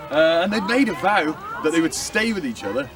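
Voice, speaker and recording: A man's voice: fairly high pitch, big pitch swings, fairly quick. A man telling a story to an audience at an outdoor event, playful and theatrical, with comic asides. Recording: distant mic outdoors with crowd noise.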